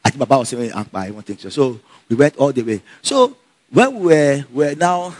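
A man telling a personal story in a casual, animated way, laughing often and acting out the dialogue. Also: medium pitch, brisk, no echo. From Nigeria.

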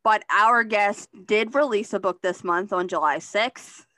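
A woman's voice: mid-range voice, a little slow, no room sound. A woman hosting a book podcast, chatting casually and keenly about new releases. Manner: relaxed, chatty, enthusiastic about books. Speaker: podcast host. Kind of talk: casual chat.

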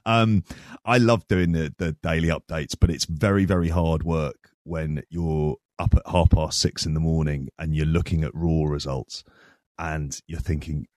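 A man's voice: a bass voice, fairly even intonation, normal speed, no echo, clean studio sound. A man appearing as a returning guest on a podcast, speaking politely with hesitant fillers and easy laughter. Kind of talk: casual podcast chat.

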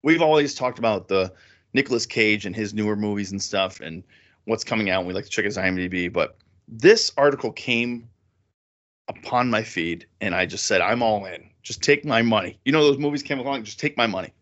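A man co-hosting a casual movie podcast, excitable and laughing, his voice jumping high when he gets worked up. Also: a little fast, highs cut off. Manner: excitable, jumps high in pitch when thrilled. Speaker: podcast co-host.

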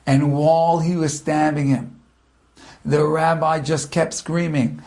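A man giving a dramatic storytelling sermon with long pauses between phrases. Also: on the high side, flat delivery, darkish tone.

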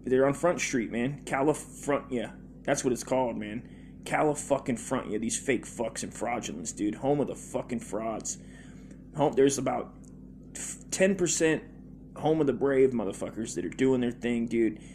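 A man's voice: medium pitch, normal speed, a little mellow, slight background noise. A man hosting a comedy podcast, rambling through a profane monologue full of fillers and restarts.

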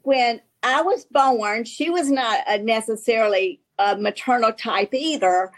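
A woman with a Southern US accent, an author guest telling stories in halting talk with many restarts and laughs. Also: on the high side. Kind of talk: casual storytelling talk.

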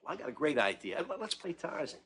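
A man's voice: on the high side, big pitch swings, fast, creaky, a bit bright, slightly rough, exaggerated voice. An actor playing a creepy middle-aged man who coaxes kids, in hesitant 1980s sitcom dialogue. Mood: coaxing.

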